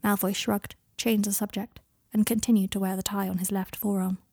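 A woman reading fan fiction aloud in a calm, even narrating voice. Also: medium pitch, fairly quick, creaky, slightly rough, dry recording, studio quality. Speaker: reader.

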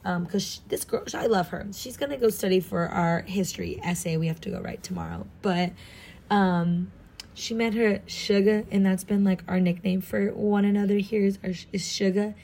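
Bubbly young American woman, mellow voice. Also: mid-range voice, fairly even intonation, moderate pace, a little hiss or hum. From Southern California. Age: young adult. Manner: bubbly and gushing, heavy use of "like". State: tired and jet-lagged. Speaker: student studying abroad. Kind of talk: casual vlog chat.

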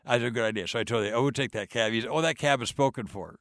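A man's voice: mid-range voice, lively intonation, fast, few pauses, fairly bright tone, no echo, clean studio sound. An older man, a podcast guest, telling stories with enthusiasm and acting out the dialogue. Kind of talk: storytelling in a faith podcast.

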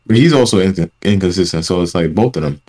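Young dude on a podcast, real deep voice, blunt, swears a lot. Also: male voice, lively intonation, fast, dark tone. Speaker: podcast co-host. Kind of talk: casual chat.

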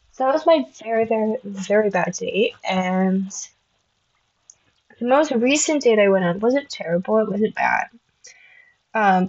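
A young woman in her twenties telling dating stories in a casual, chatty way, swearing freely and acting out both sides of each conversation, on a slightly dull recording. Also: medium pitch. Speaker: vlogger. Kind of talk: casual storytelling to camera.

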